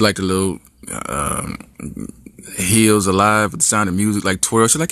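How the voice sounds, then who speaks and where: A man hosting a podcast, telling a comic story in a casual, animated way with many asides. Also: low-pitched, a little fast, no room sound. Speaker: podcast host.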